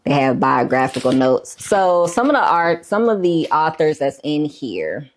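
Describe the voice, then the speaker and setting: A woman vlogger talks about her books in a low, unhurried voice. She is laid-back and chatty, with plenty of fillers and a casual "y'all", and sounds a little out of breath. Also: very animated. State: a bit out of breath. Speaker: book collection vlogger. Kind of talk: casual show-and-tell chat.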